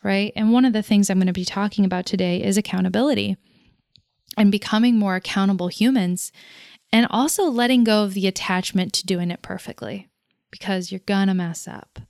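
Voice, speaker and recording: A woman talks through a loose, reflective monologue as host, drifting off on tangents and laughing at her own remarks. Her voice is smooth and clear. It is recorded close and dry, with no room sound. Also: medium pitch, brisk, darkish tone, dry recording. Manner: rambling, goes off on tangents; laughs at herself.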